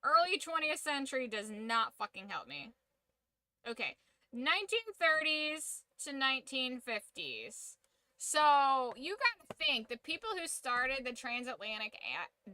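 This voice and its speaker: A woman's voice: a little high, bright, forceful tone, no echo. A woman hosting a casual livestream, giving an opinionated, profanity-laced rant. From United States. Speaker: streamer and channel host.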